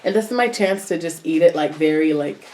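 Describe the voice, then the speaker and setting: A young woman hosting a casual chat while eating, bubbly and quick to laugh. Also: low voice, darkish tone, a little hiss or hum. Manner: bubbly, laughs often, talks through bites. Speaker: vlogger host.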